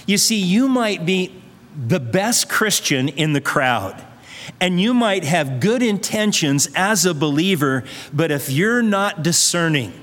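A man's voice: high voice, lively intonation, measured pace, a bit bright. A male pastor preaching a sermon in a conversational, earnest way, weaving in a story. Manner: conversational, earnest, uses fillers. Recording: long hall reverb.

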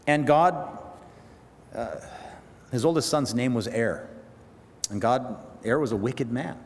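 A male preacher tells a scripture story with lively, halting delivery, often repeating words as he builds to dramatic peaks. His voice sits at an ordinary middle pitch. A long reverb trails each phrase, as in a large hall. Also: a little hiss or hum. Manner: animated storytelling, rising loud at dramatic moments, halting repeats. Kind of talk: sermon retelling a Bible story.

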